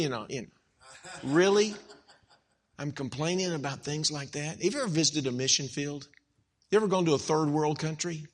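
A middle-aged man preaching a dramatic sermon, acting out the voices of the people he quotes and building to loud, emphatic peaks. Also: on the high side, moderate pace, long pauses. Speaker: pastor.

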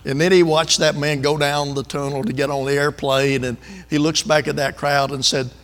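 Gravelly older preacher in a hall. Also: male voice, fairly high pitch, little pitch movement, normal speed, a bit bright. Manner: folksy, drawling, storytelling with asides to the congregation. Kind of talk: sermon with folksy stories.

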